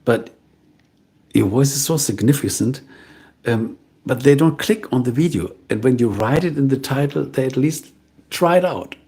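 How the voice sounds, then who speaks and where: A middle-aged man, a voiceover artist, talks through viewer comments in a calm, musing, casual live-stream chat. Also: mid-range voice, normal speed, husky. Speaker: voiceover artist hosting a livestream.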